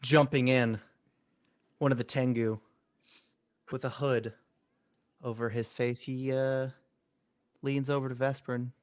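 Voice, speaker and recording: A man's voice: medium pitch, measured pace, long pauses, no echo, studio quality. Guy gm narrating a tabletop game, easygoing, keeps asking players what they do. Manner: relaxed, asks players questions. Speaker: game master.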